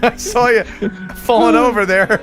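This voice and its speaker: A man's voice: high voice, moderate pace, over music. A man from the United States hosting a live stream from home, chatting casually and cracking jokes. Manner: jokey, animated banter. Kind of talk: casual chat.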